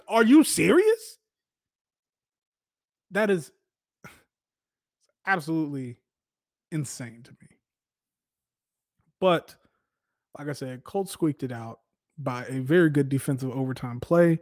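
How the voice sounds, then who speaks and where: A man hosting a casual football commentary show, giving opinionated, animated takes with lots of filler words. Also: high voice, no echo, studio quality. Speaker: sports podcast host.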